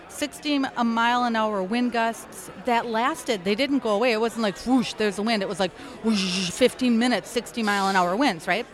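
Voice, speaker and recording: An older woman, a guest, telling stories in a casual chat and acting out the voices of the people in them. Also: a little high. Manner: animated, acts out voices. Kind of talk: casual storytelling.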